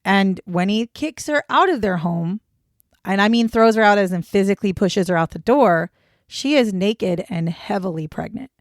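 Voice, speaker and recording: A woman's voice: medium pitch, expressive, moderate pace, dry recording, studio quality. A young woman co-hosting a true crime podcast, talking casually and bluntly, swearing freely. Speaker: podcast co-host.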